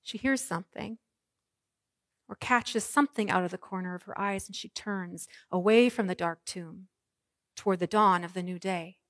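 A woman pastor preaching an Easter sermon, moving from hushed, soft lines to ringing proclamations. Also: mid-range voice, normal speed, no echo, clean studio sound.

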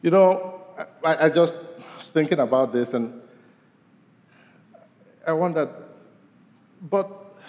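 A man preaching a sermon as pastor, his voice rising to stress points and falling low at the end of each. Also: slow, long pauses. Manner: animated, voice rising for emphasis and dropping low at ends of points. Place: church sanctuary. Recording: long reverb of a large hall.

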